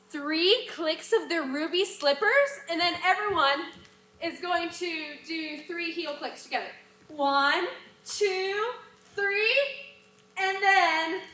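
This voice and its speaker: A woman's voice: extremely high pitch, takes it slowly, long pauses, bright, forceful tone, roomy sound. A young woman teacher walking her students through a scene script, acting out lines in playful voices. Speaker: dance and theater teacher.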